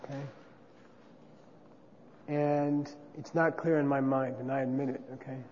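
A man's voice: medium pitch, level tone, measured pace, darkish tone, a little hiss or hum. A man teaching a class, explaining ideas in a conversational way and often checking in with his listeners. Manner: conversational, checks in with frequent 'okay?'. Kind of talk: classroom lecture on Buddhist philosophy. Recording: dull lo-fi sound with long reverb.

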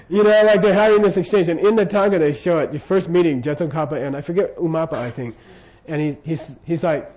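Speaking briskly in a highish, darkish voice, an older Buddhist teacher gives an easygoing, humorous talk and regularly checks in with those listening. The recording of the lecture sounds dull and lo-fi.

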